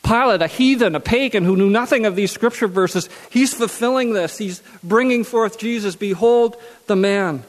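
A man's voice: high voice, normal speed, hardly any pauses, big-room sound. A man preaching a sermon who reads scripture aloud and then repeats key phrases for emphasis.

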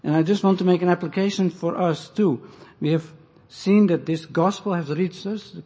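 Preacher with a husky voice in a reverberant hall. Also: male voice, sits high, mellow. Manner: measured, emphatic, pausing between phrases. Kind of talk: sermon. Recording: dull sound with long hall reverb.

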